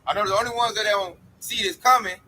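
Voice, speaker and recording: Emphatic high-voiced street preacher man. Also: steady tone, quick pace, pushed and bright, rough recording.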